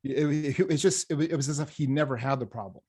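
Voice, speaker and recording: A man, a hypnotherapist, chatting in an interview and telling lively stories about his clients, acting out the dialogue and often restarting his sentences. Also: a little high, quick pace, husky. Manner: animated storyteller, acts out quoted dialogue, frequent restarts. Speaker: hypnotherapist, program graduate.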